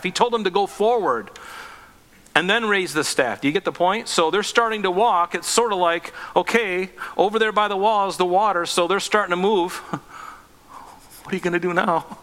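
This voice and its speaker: A man preaching a sermon, telling Bible stories with lively, acted-out quotes and chuckles. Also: fairly high pitch. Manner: animated storytelling, acting out scripture quotes, chuckling. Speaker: pastor.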